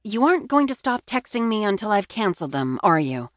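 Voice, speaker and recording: A man's voice: sits high, very animated, fairly quick, dry recording, clean studio sound, pitched above the performer's own voice. A man voicing an exasperated, teasing young woman friend in an audiobook. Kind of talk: audiobook narration.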